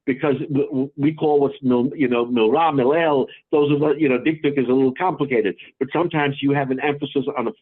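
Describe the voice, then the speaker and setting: A rabbi teaching a Talmud class, explaining patiently in halting speech with many restarts. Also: male voice, medium pitch, fairly even intonation, breathy edge, narrow, tinny audio.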